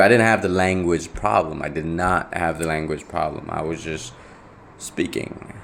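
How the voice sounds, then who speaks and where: Gravelly low-voiced young man from Nepal. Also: slight background noise. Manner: rambling, repeats himself, many fillers like "right?" and "like". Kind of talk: casual personal storytelling.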